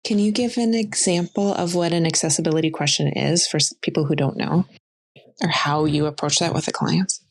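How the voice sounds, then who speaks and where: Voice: mid-range voice, steady tone, brisk. A podcast host asking thoughtful questions in a casual, conversational way.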